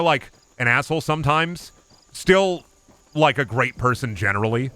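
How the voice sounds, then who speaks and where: A man streaming a game, chatting in an animated, rambling, profane way. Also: medium pitch, normal speed, smooth, no echo. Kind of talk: casual livestream gameplay chat.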